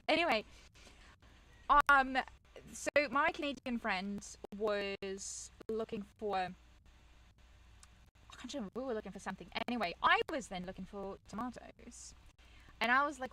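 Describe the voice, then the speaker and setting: Chatty woman with a bright voice. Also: fairly high pitch, expressive, moderate pace, pauses often, a little hiss or hum, rough recording. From England. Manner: chatty, rambling storyteller with many fillers and restarts. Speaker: streamer. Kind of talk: casual chat while painting on stream, reading chat aloud.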